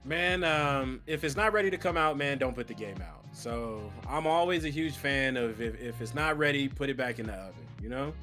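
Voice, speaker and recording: A man's voice: medium pitch, normal speed, few pauses, bright, forceful tone, soft background music. A man co-hosting a casual gaming podcast in a laid-back way, often saying "man". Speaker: podcast co-host.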